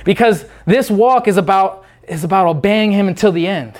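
A man preaching an unscripted sermon, fervent and repetitive, breaking into quick voices of the people he describes. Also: sits high.

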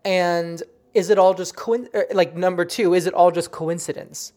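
A woman telling stories of her psychic readings in a casual, animated monologue, full of fillers and restarts. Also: lowish voice, normal speed. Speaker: psychic medium recounting readings.

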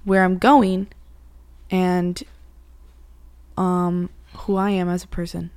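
A woman's voice: fairly low pitch, little pitch movement, slow pace, darkish tone, smooth. A young woman co-hosting a casual chat, talking in a rambling way with lots of "like" fillers. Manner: rambling, heavy use of filler "like". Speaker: co-host, daughter.

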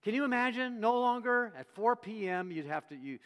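A man preaching a sermon in a slightly high voice, animated and storytelling, acting out voices as he goes. His words ring out with a long hall reverb, as in a church. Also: a little fast.

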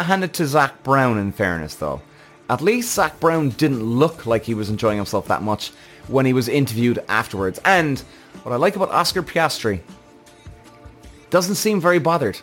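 A man's voice: fairly high pitch, a bit bright. Fired-up man ranting, voice leaping around. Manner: heated, profane, exasperated ranting. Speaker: F1 reaction show host. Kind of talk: ranting commentary vlog.

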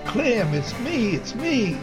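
A young frontier wife, brave but shaken, whose lines come out raised and urgent, as a male storyteller puts her on. The voice is a little high with a gravelly grain. Soft music plays underneath. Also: lively intonation, normal speed. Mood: urgent calling.

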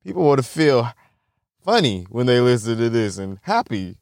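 With a sing-song, mid-range voice at normal speed, a young man tells stories on his own podcast. There's no echo and the sound is clean studio quality. His storytelling is loose, rambling and profane, full of laughter.

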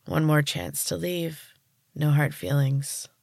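A woman voicing a solemn young woman who is turning into a tree creature, speaking slowly in a breathy, weary voice. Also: low voice, a little mellow, no echo, studio quality, full character voice.

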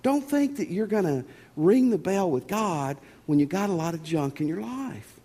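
A man preaching a sermon as pastor, folksy and animated, often repeating words. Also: high voice, moderate pace. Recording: long reverb of a church hall.

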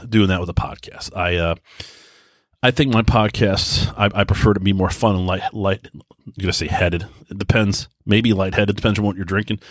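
A man's voice: fairly low pitch, dry recording, studio quality. A man in his thirties hosting a solo casual podcast from home, rambling and self-deprecating with many restarts. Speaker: podcast host. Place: quiet home.

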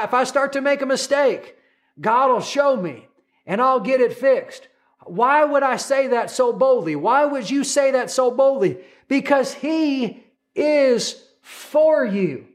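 A high-pitched man delivering a sermon. He is emphatic and builds through repeated phrases, quoting verses and calling on listeners to join in. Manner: emphatic, repetitive, calls congregation to repeat. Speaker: preacher.

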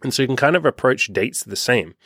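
A man's voice: mid-range voice, lively intonation, brisk, a bit bright, dry recording, clean studio sound. A young man coaching on dating in a loose, unscripted monologue, cursing freely and acting out what people say. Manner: loose and unscripted, swears freely, acts out quoted voices. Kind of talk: casual podcast monologue.

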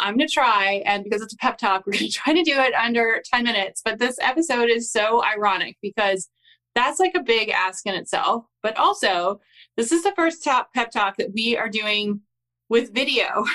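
A woman hosting a motivational podcast as a business coach, talking in an excitable, bubbly way with lots of "like" fillers and frequent laughs. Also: medium pitch. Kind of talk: casual motivational pep talk.

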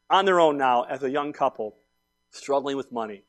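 High-voiced preaching man, animated storyteller. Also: normal speed. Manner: animated, emphatic, swings from quiet asides to loud outbursts. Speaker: pastor. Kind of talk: sermon with personal storytelling.

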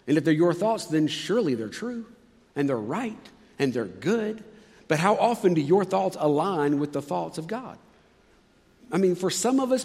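Guy preaching a sermon, earnest, goes loud then hushed, slightly high voice, long church echo. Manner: earnest, acts out prayers with sudden shifts in volume. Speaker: pastor.

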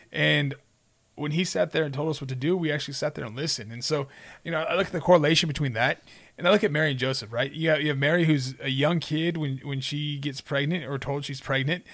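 A man's voice: on the high side, fairly bright tone. A man in his forties from Southern California, co-hosting a faith podcast and telling personal stories in a rambling, earnest way. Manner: rambling, earnest storytelling with restarts. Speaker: podcast co-host. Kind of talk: casual faith talk.

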